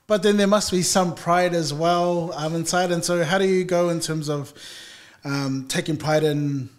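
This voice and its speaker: A man's voice: fairly high pitch, fairly even intonation, moderate pace. A man hosting an interview, encouraging and supportive, asking long, winding questions. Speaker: podcast host. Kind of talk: casual interview chat.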